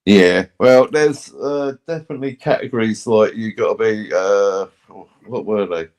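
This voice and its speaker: On a live stream, a man tells rambling stories in casual chat, swearing and acting out other people's voices. His lowish voice is clear, resonant, and a little mellow, at a normal speed.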